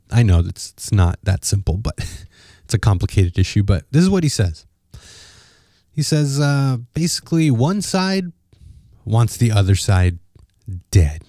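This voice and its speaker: Guy doing a solo opinion podcast, slow and low, kinda mellow, restarts a lot. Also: no echo, studio quality. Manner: conversational, restarts phrases while thinking aloud. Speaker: podcast host.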